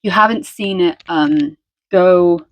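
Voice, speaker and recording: A woman's voice: on the low side, takes it slowly, slight background noise. Giggly, rambling woman podcaster. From Wales. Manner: giggly, rambling, breaks into song. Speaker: podcast co-host. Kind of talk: casual chat.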